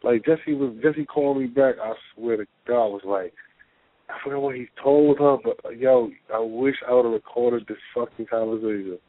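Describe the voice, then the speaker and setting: A man's voice: mid-range voice, moderate pace, no room sound. A man co-hosting a casual call-in talk show, laid-back and profane, laughing often. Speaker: co-host. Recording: tinny phone line.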